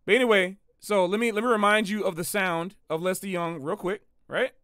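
A jazz musician hosts a livestream, talking casually in an animated, slangy way and repeating phrases for emphasis. His voice is high and fairly quick.

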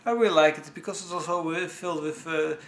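A man chatting casually about films he owns, talking with enthusiasm in a halting way full of restarts. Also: on the high side, fairly even intonation, slight background noise. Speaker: movie vlogger. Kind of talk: casual home-video review. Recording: echoey room.

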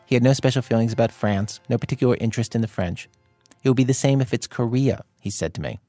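A man with an American accent hosting a radio program in a measured, wry, conversational way. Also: mid-range voice, warm tone, dry recording, faint music behind. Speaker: radio host. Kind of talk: scripted radio narration.

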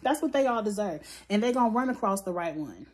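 A woman giving a blunt, profane, animated review of a reality show in a casual vlog. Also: medium pitch, quick pace. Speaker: reality TV recap vlogger. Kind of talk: casual opinionated commentary.

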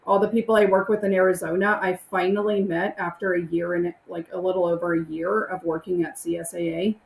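A woman chatting as an interview guest, animated and acting out excited greetings in a high voice. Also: a little fast, gravelly, reverberant, poor audio. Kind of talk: casual interview chat.

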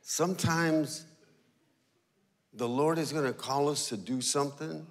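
A man preaching a sermon as a guest pastor, telling stories and acting out small scenes, sometimes dropping to a hushed, pleading tone. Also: fairly high pitch, unhurried, pauses often, long reverb tail. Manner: storytelling, acting out little scenes. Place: church sanctuary.

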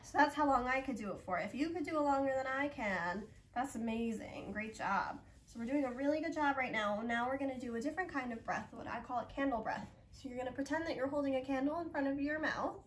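A young woman, a library yoga instructor, gently coaxing children through a breathing lesson. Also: high-pitched, recorded from a distance, a little hiss or hum. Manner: encouraging, coaxing, talks slowly to children. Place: library room, indoors.

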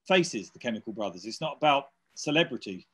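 A man in his fifties chats casually in an interview. He rambles and restarts, pads his talk with fillers, and speaks at a middle pitch. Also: lively intonation, a little fast, a bit bright, breathy edge. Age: 50s. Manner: rambling, many fillers and restarts, laughs while telling stories. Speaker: interviewee, electronic musician. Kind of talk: casual chat.

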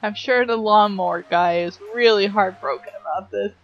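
A woman's voice: mid-range voice, moderate pace. A woman joking sarcastically while commenting on a video game, with faint game music behind on a dull recording. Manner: sarcastic, playful. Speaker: let's play co-host.

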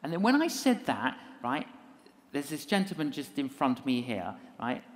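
This minister and evangelist speaks at medium pitch and normal speed as he tells a story within a lecture. Animated, he acts out the voices and uses self-mocking humor.

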